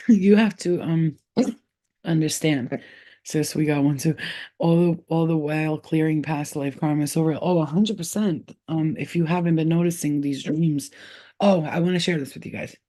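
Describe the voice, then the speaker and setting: A woman's voice: deep voice, steady tone, moderate pace, warm tone. A woman hosting a casual spiritual livestream, talking bluntly in streetwise slang with plenty of swearing and stopping now and then to scold her cat. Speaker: spiritual healer and livestream host.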